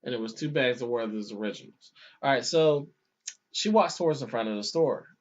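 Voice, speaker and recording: A man in his thirties casually telling a long story on a podcast, animated, with many restarts and acted-out quotes. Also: medium pitch, a little fast. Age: 30s. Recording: dull lo-fi podcast audio.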